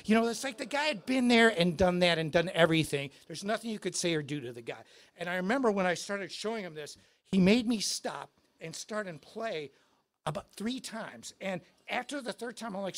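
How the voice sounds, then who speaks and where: A man giving a live guitar clinic in a music store, telling stories in an animated, excitable way. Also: sits high, a little fast.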